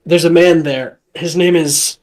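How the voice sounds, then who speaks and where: A man voicing a shaken male villager who stutters and speaks in hushed, urgent tones in a tabletop game. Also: a little high, steady tone, unhurried, natural voice. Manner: stammering, hushed.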